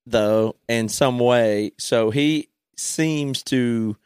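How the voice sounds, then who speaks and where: A man's voice: mid-range voice, drawn-out words, a little mellow, clean tone, dry recording, studio quality. Rambling man in casual podcast chat. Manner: rambling, hesitant, restarts mid-thought. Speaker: podcast co-host.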